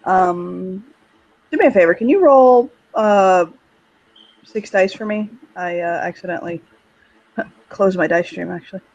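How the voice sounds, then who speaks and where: A man running a tabletop game, narrating with a lot of hesitant fillers. His voice sits high for a man, and the recording sounds dull and lo-fi. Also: unhurried, vocal fry, long pauses, darkish tone. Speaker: game master.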